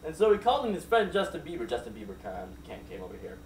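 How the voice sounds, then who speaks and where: Animated, high-voiced man rambling through a silly tale. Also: racing, slight background noise. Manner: rambling and digressive, full of asides. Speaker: storyteller. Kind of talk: improvised silly storytelling. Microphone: distant mic. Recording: roomy echo from far off, faint background.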